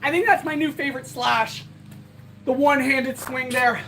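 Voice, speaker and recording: Wrapping up a casual livestream, a high-pitched woman rambles earnestly through her thanks to viewers at a moderate pace. She's tired and slightly out of breath, her bright voice staying light though sagging with exhaustion, and there's slight background noise.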